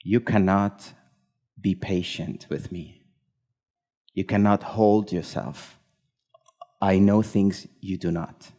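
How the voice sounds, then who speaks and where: A man voicing a hushed, stern wise guide, low and dark-toned, speaking slowly and with certainty. He is a mystic figure in a told story. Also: steady tone. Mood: warning. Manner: quiet, low, stern rebukes.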